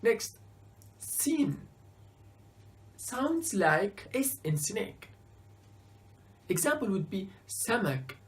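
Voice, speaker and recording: A woman's voice: mid-range voice, very animated, takes it slowly. A woman teaching a beginners' alphabet lesson, carefully sounding out each letter and example word. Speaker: Arabic teacher.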